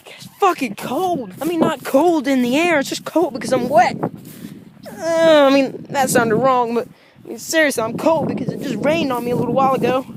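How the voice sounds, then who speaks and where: A woman's voice: high-pitched, moderate pace, a little hiss or hum. A woman vlogging in her yard, talking bluntly and profanely to dogs in a playful, scolding way. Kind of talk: casual vlog, talking to dogs. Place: outdoor yard at home.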